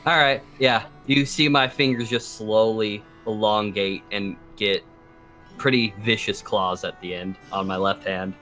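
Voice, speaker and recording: A man playing a tabletop game, describing what his dwarf does in a halting, amused way. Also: fairly low pitch, steady tone, sharp tone. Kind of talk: describing his character's actions. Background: background music.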